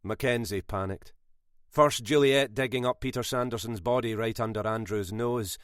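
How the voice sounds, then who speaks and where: A man narrating a thriller audiobook in a measured, expressive way. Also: medium pitch, clear, resonant tone, no room sound, studio quality.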